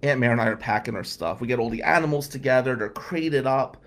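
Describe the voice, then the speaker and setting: A man's voice: medium pitch, quick pace, fairly bright tone. Candid man telling a personal story. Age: adult, past law school. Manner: candid, emotional, with sighs and bleeped curses. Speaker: storyteller recounting his past.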